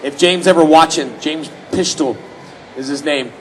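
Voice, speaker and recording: A man's voice: a little high, normal speed, slight background noise, poor audio. Joking Texan-raised man at a fan panel. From Houston, Texas, US. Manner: joking, animated, slips into mock voices for quotes. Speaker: convention panel guest. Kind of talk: casual storytelling to a fan audience. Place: convention panel room.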